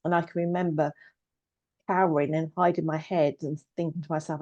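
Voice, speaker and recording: Low, flat-voiced woman in her fifties. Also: a little fast, no echo. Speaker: guest, trauma coach and therapist. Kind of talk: personal story in casual conversation.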